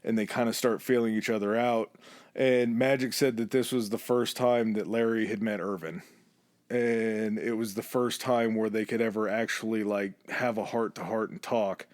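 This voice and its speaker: A man hosts a podcast and tells a story in a relaxed, chatty way. He drops into quick impressions when he quotes people. The sound is close and dry, with no room echo. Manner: relaxed storyteller, acts out quoted lines with shifts in pitch. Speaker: podcast host. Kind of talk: casual storytelling chat.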